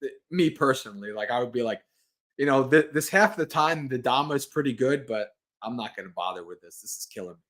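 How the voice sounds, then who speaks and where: A man's voice: medium pitch, animated, fairly quick, a bit bright. A man who is a Buddhist monk, hosting a livestream and giving a casual Dharma talk, earnest and rambling, restarting his sentences and laughing lightly.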